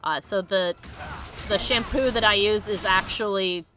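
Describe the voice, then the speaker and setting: A woman's voice: mid-range voice, a little slow, over music. A woman streaming a video game, chatting casually and swearing at enemies between laughs. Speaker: let's play streamer. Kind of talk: casual gameplay commentary.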